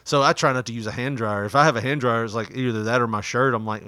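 A man's voice: medium pitch, fairly even intonation, fast talker, bright, forceful tone, no room sound, studio quality. A man telling crude stories and jokes in casual banter, laughing often.

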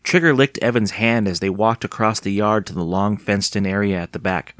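A man narrating an audiobook in an expressive, dramatic storytelling manner. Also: lowish voice, brisk, dry recording, clean studio sound. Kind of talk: audiobook reading.

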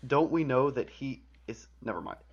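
A man's voice: mid-range voice, lively intonation, moderate pace, muffled recording, a little hiss or hum. A man co-hosting a podcast, chatting casually about sports with dry, sarcastic quips. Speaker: podcast co-host.

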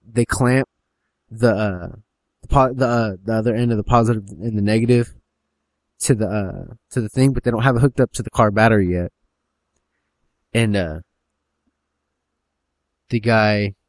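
A man's voice: lowish voice, dry recording. A man casually telling a story, rambling with lots of fillers.

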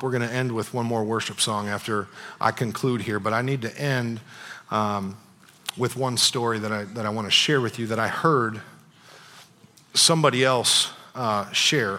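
A man pastor preaching in a church, telling a personal story in a casual, animated way, repeating phrases and checking in with "you know what I'm saying". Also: mid-range voice.

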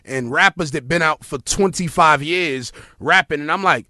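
A man's voice: fairly high pitch, normal speed, hardly any pauses, dry recording, studio quality. A man telling stories in a casual podcast conversation, emphatic and full of profanity. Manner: animated, profane, emphatic storytelling. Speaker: podcast guest.

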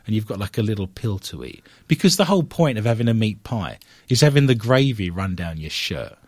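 A man's voice: on the low side, animated, fairly quick, a little mellow, dry recording, studio quality. An English man with an English accent hosting a show in a chatty, wry way. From England. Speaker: podcast host. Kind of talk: casual chat.

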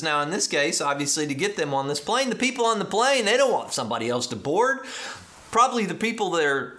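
A man preaching a sermon, telling a story with animated, acted-out dialogue and excited emphasis. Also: sits high. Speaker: pastor.

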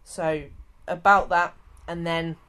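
A woman with a somewhat low voice co-hosts a podcast in a relaxed, chatty way. She walks through things step by step and slips in jokes as she goes. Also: slow, clear, resonant tone. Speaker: podcast co-host. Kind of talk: casual chat.

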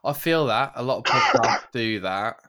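A man's voice: mid-range voice, normal speed, sharp tone. A man co-hosting a podcast in upbeat, chatty conversation. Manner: upbeat, chatty, says "mate" often. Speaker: podcast co-host. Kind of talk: casual chat.

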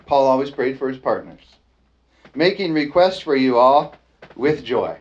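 A man preaching a lively sermon, often calling out "amen?" and joking with the congregation. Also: medium pitch, unhurried. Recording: dull lo-fi sound with faint background noise.

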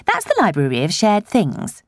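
A woman's voice: medium pitch, huge pitch swings, moderate pace, dry recording, clean studio sound, pitched above the performer's own voice. A woman voicing a chatty, nosy middle-aged village woman who gushes in breathless chatter, in an audiobook. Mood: gushing. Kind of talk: audiobook character voice.

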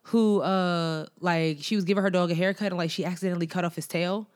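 A woman co-hosting a podcast talks in a lowish voice. She winds through a long rambling story, padding it with fillers and asides, in easy casual chat. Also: fairly even intonation, fast, a little mellow. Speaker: podcast co-host.

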